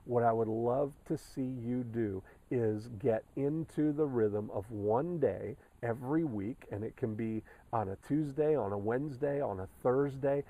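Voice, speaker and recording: Mellow-voiced man coaching step by step. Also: mid-range voice, measured pace, hardly any pauses, rough recording. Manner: instructive, methodical, repeats steps with frequent fillers. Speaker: sales coach. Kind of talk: recorded coaching update.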